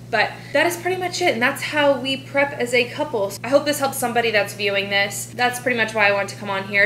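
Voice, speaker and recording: A woman's voice: fairly high pitch, fairly bright tone, a little hiss or hum. A woman vlogging casually to camera as a bodybuilding competitor, upbeat and chatty, talking earnestly about staying positive. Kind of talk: casual vlog talk to camera. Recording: echoey room.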